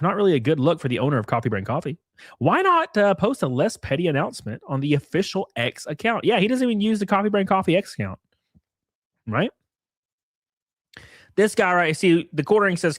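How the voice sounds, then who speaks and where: A man's voice: high-pitched, very animated, a little fast, dry recording, studio quality. A man hosting a casual commentary stream, mocking and profane, who laughs often at what he reads out. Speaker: streamer host.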